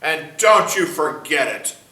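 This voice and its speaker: A man's voice: fairly high pitch, sing-song, takes it slowly, over a noisy crowd. A man playing a smug, snide lawyer who hosts the guests at a manor and reads out a will. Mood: formal. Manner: formal, snide. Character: smug, sharp-tongued lawyer and host of the manor. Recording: echoey room, mic at a distance.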